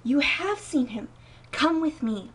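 A woman voicing a wise, gentle woman in a storybook, speaking softly with rising wonder. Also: high-pitched, animated, slow. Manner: soft, warm, wondering. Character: wise, gentle older sister of a spirit.

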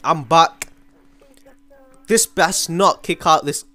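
Young guy ranting over a game, high bright voice, going a bit hoarse, yells out of nowhere. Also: unhurried, dry recording. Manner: excitable, ranting, sudden outbursts. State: losing his voice. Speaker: gaming commentator. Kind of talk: live gameplay commentary.

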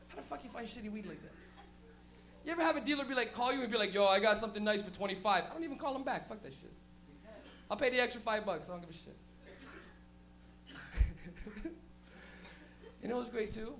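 A stand-up comedian doing a live set, rowdy and profane, breaking into loud shouted impressions. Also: medium pitch, lively intonation, fairly quick, long pauses.

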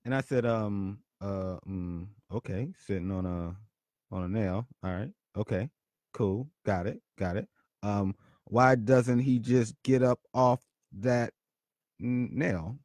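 A man hosting his own podcast, telling a story in a punchy, animated way and often repeating words. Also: lowish voice, takes it slowly, no echo, clean studio sound. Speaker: podcast host. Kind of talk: storytelling monologue.

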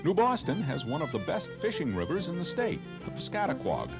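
A man's voice: on the high side, huge pitch swings, fairly quick, gravelly, music in the background. A man with a New England accent hosting a travel show on location, talking with enthusiasm and lots of exclamations. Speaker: host. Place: outdoors on location.

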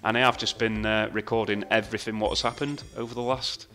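A man commenting casually on his slot play. He swears freely, talks to himself and shouts at the game. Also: lowish voice, level tone, quick pace. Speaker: slot video host. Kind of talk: casual commentary while playing slots.

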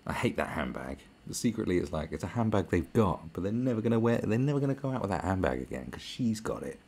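A man's voice: lowish voice, expressive, fast talker, warm tone, slight background noise. A British man hosting a podcast, delivering a sarcastic, profane rant. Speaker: podcast host. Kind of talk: podcast monologue.

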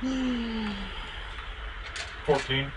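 A man's voice: sits high, very animated, extremely slow. A man playing a tabletop game, chatting eagerly about his moves and rolls. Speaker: player. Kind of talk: casual tabletop game play. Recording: background noise.

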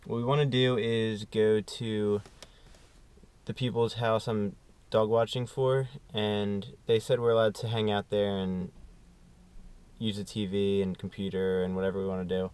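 A man's voice: fairly low pitch, flat delivery, unhurried, darkish tone, clear, resonant tone. A young man with a North Jersey accent, talking casually in a vlog in a laid-back, mock-serious way. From New Jersey, USA. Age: young adult. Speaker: vlogger.

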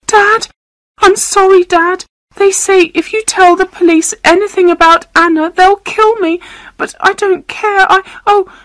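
A woman's voice: lowish voice, expressive, a little slow, dry recording. A woman reading a storybook voices a frightened, angry young woman who accuses her captors through tears. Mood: panicked. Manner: accusing, tearful.

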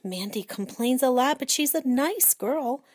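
A woman reading aloud and voicing a gentle, patient schoolteacher in a children's storybook. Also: high voice, lively intonation, measured pace, dry recording, clean studio sound, pitched above the performer's own voice. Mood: calm.

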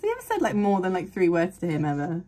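A woman's voice: fairly low pitch, wildly swooping pitch, fast talker, dark tone. A woman hosting an anime reaction, gasping, exclaiming and swearing bluntly as she comments live.

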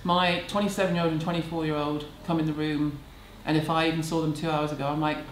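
A woman's voice: low voice, flat delivery, fast talker. A woman, answering viewer questions at home in a candid, chatty, self-deprecating way. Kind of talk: casual chat. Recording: echoey room, faint background hum.

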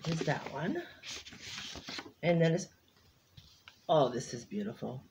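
A woman vlogger opens craft mail and gushes over every piece. Her pitch swings widely, though her voice sits on the low side. Faint noise hums under the recording. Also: lively intonation, takes it slowly, a little mellow. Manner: gushing, exclaims over each item. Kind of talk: casual unboxing chat.

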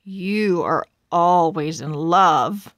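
A woman's voice: medium pitch, a little slow, a bit bright, no room sound, clean studio sound, close to an everyday voice. A woman voicing a brash, mocking young male swordsman in a storybook read-aloud, with a sarcastic, teasing delivery.

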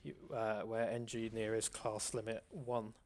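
A man hosting a live stream, explaining game rules in a self-described monotone voice with frequent fillers and restarts. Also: on the low side, a little slow, a little hiss or hum. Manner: calls his own voice monotone, many fillers and restarts. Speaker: host.

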